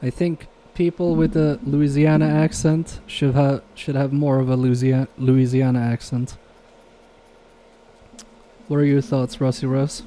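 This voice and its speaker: Slow, mellow-voiced man bantering with chat. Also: mid-range voice, level tone, a little hiss or hum. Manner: joking, swearing banter with chat; laughs often between remarks. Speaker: electronics repair streamer. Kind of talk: casual live-stream chat while repairing.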